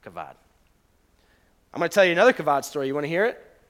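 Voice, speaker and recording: Animated man preaching a casual sermon. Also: on the high side, fast. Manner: conversational, animated preaching with questions to the congregation. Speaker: pastor.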